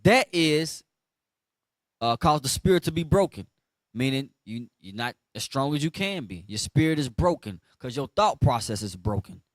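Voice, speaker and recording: A man's voice: mid-range voice, big pitch swings, normal speed, dry recording. A man preaching a street sermon, blunt and slangy, asking listeners to finish the verses.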